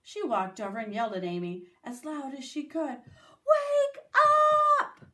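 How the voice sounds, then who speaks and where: A woman's voice: on the high side, expressive, brisk. A woman teacher reading a picture book aloud to young children, with small voices for the characters. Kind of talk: storybook read-aloud for children.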